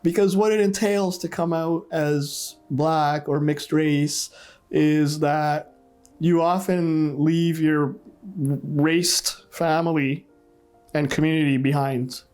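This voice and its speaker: A man's voice: a little high, fairly even intonation, slow, darkish tone, clear, resonant tone, faint music behind. Reflective middle-aged man from Trinidad. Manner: reflective, laughs wryly while telling hard things. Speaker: oral history interviewee. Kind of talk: personal storytelling.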